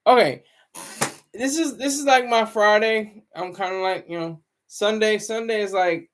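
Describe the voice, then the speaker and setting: High-pitched male streamer; loose, meandering, self-interrupting chat to viewers. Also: steady tone, measured pace. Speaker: livestreamer. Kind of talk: casual livestream commentary.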